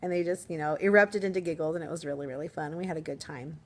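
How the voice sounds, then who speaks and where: A woman's voice: low-pitched, steady tone, quick pace. A woman teacher talking casually to her viewers from home in an upbeat, chatty way, laughing easily. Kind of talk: casual vlog chat.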